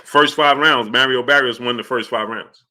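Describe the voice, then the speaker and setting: A man's voice: medium pitch, steady tone, moderate pace, pushed and bright. A man hosting a live boxing talk stream, talking emphatically with repeated fillers and frequent "you understand?". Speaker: sports talk show host.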